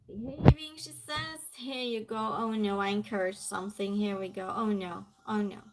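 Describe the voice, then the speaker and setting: A woman's voice: medium pitch, fairly even intonation, normal speed, very noisy. A woman hosting a trivia live stream in a casual chat style, reading viewer comments aloud and greeting viewers by name. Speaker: trivia night stream host.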